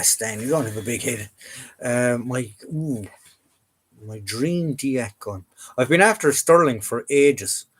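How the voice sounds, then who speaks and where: An Irish live-stream host chats casually from his home, in a room full of collectibles. His mid-range voice is gravelly, and he rambles with plenty of fillers and restarts.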